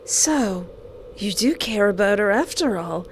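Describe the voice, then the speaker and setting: A woman voicing a creepy, grinning male yandere stalker in a game, speaking slowly and softly with a teasing sweetness. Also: mid-range voice, expressive, slight background noise, lightly acted. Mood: creepy sweet.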